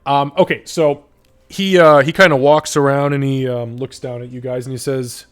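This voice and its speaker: A man's voice: medium pitch, steady tone, moderate pace, clear, resonant tone, faint music behind. Casual, swearing male game master. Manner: casual, swears, many fillers. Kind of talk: narrating a tabletop game.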